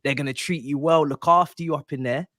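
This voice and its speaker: A man's voice: on the high side, fairly even intonation, brisk, fairly bright tone, no room sound, studio quality. A man, a football fan panelist delivering a theatrical, mock-indignant rant.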